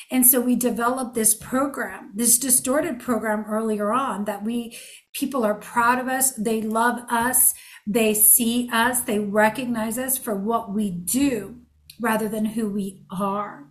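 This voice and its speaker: A woman's voice: fairly high pitch, fairly even intonation, measured pace. A woman in her forties, a relationship coach, giving an earnest, emphatic motivational talk that repeats phrases for effect.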